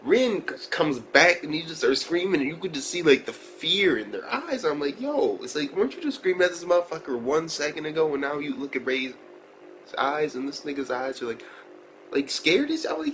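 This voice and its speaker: A man's voice: on the high side, normal speed, a little hiss or hum, rough recording. Profane, slangy male anime reviewer. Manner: profane, slangy, rambling, excitable. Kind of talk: casual video review.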